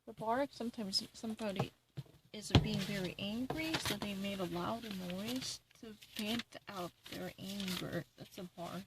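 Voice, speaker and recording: A woman's voice: mid-range voice, measured pace, heavy background noise. A woman reading dictionary definitions aloud and arguing over them with herself, grumbling and indignant.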